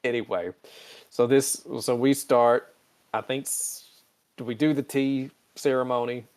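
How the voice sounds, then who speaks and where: A man hosting a casual podcast recap, swearing freely and jumping into quick character quotes with lively pitch swings. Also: smooth. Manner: animated, jumps pitch when quoting characters. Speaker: podcast host recapping episodes.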